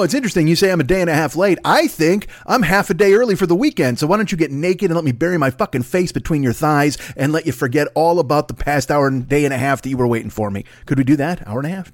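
A man hosting his own podcast in a rambling, profane, self-mocking comic monologue, often talking fast. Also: fairly high pitch, dry recording, studio quality. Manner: talks fast, then slows down. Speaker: podcast host.

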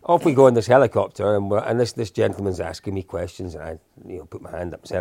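A man's voice: on the low side, steady tone, fast talker, vocal fry, hardly any pauses, dark tone, no echo. A man in his fifties, a guest telling casual stories in a chatty, self-deprecating way with lots of restarts. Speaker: interview guest. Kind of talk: casual storytelling.

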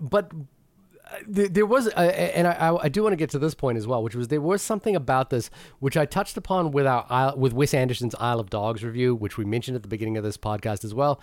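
A man's voice: mid-range voice, a little mellow, no echo. A man co-hosting a film podcast, talking through his points at length with many restarts and fillers. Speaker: podcast co-host. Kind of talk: casual film discussion.

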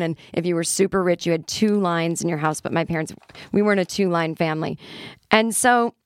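A woman's voice: mid-range voice, no echo, studio quality. A middle-aged woman hosting a casual solo podcast, talking candidly and self-deprecatingly, laughing as she reads old notes aloud. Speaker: podcast host.

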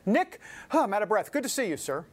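A man's voice: sits high, sing-song, very fast. A man with a New York accent hosting a casual news show, joking and rambling with asides to the audience. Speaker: show host.

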